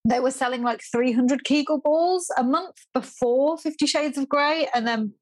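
Upbeat uk woman in her 30s on a podcast, chatty, laughs a lot, fairly high voice, dry close sound. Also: moderate pace, no echo. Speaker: podcast guest, sex and relationship expert. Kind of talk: casual podcast chat.

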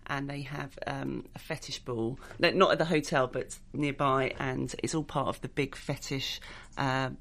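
A woman's voice: rumbling low, fairly even intonation, normal speed, gravelly, hardly any pauses, fairly bright tone. An English woman telling a travel story in casual radio chat, rambling and giggling.

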